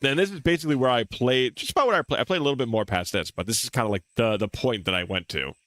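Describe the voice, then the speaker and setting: A man's voice: mid-range voice, racing, fairly bright tone, dry recording. A man streaming a game playthrough, reading its dialogue aloud expressively and chatting with viewers.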